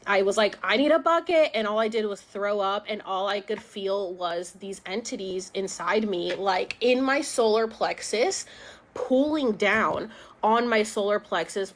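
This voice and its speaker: A young woman casually telling a personal story on a live stream, chatty, with many fillers and acted-out quotes. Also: medium pitch. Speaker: podcast host.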